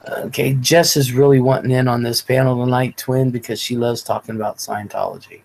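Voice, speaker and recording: A woman in her forties from Ohio hosts a casual livestream, chatting and reading viewer comments out loud. Her bass voice is slightly mellow, with little pitch movement and a brisk pace.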